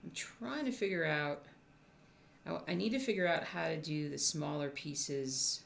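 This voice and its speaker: A woman's voice: low-pitched, measured pace, vocal fry, slight background noise. A woman who designs cross-stitch, chatting casually with her viewers from home in a rambling way, often restarting her thoughts. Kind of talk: casual live-stream chat.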